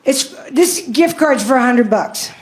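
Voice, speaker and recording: A woman's voice: high voice, animated, measured pace, very noisy. A woman in her seventies doing stand-up and crowd work, blunt and salty, repeating herself for emphasis. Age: 70s. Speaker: stand-up comedian. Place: comedy club stage. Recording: loud audience laughter.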